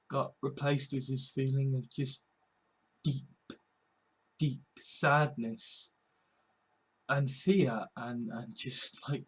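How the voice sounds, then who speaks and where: A man from Britain, talking earnestly in a halting personal monologue, repeating words and swearing often. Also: medium pitch, slightly rough, low-quality recording. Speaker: vlogger. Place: home.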